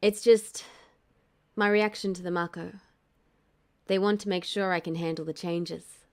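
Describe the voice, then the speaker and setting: A woman reading a fan audiobook, voicing a reserved young male soldier who speaks low and guarded. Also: steady tone, measured pace, a little mellow.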